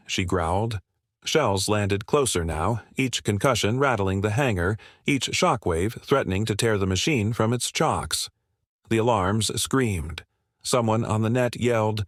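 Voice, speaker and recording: A man narrates a dramatic war story from a script, in a steady and measured way. His voice sits low, and the recording is dry and close, with no room sound. The delivery stays even from line to line. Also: dry recording.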